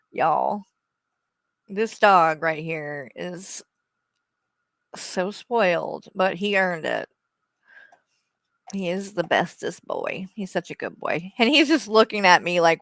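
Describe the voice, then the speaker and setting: A woman's voice: fairly low pitch, lively intonation, slow pace, creaky, pauses often, fairly bright tone, no room sound. A woman, chatting casually as co-host of a stream, cooing over her dog and swearing freely. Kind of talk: casual chat on a livestream.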